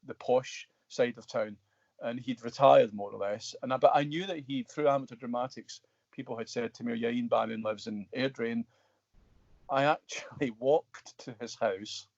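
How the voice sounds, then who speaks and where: A man's voice: medium pitch, dry recording. A Scottish actor, a man, telling long rambling stories in an interview, with many restarts. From Scotland. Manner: rambling, restarts, animated retelling. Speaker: guest actor. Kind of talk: storytelling in an interview. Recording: dull dry lo-fi sound.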